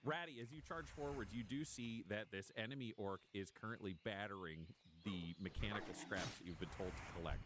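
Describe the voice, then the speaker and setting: A man's voice: fairly low pitch, fairly quick, hardly any pauses, background noise. A man narrating a tabletop role-playing game as game master, with vivid, descriptive storytelling.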